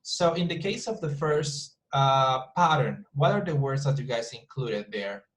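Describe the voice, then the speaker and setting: A man's voice: mid-range voice, animated, low-quality recording. Casual man teaching online English class. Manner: casual, repeats words slowly to model pronunciation.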